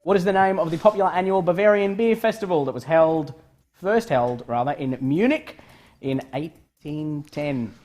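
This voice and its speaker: A man's voice: fairly high pitch, expressive, normal speed, darkish tone. A man hosting a live trivia quiz, reading questions and joking with his co-host. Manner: jokey, reads questions aloud, laughs often. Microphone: studio microphone.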